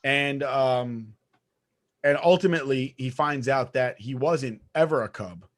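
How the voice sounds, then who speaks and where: A man co-hosting a podcast in casual chat, emphatic and quick to argue, swearing freely. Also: mid-range voice. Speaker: podcast co-host.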